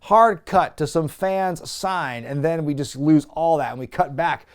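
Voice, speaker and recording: A man hosting a wrestling review show, giving a casual, sarcastic, animated recap with some swearing. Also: fairly high pitch, unhurried.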